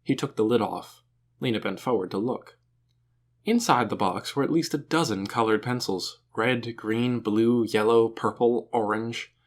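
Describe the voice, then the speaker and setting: A man narrating an audiobook with an expressive, animated reading. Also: mid-range voice, a little slow.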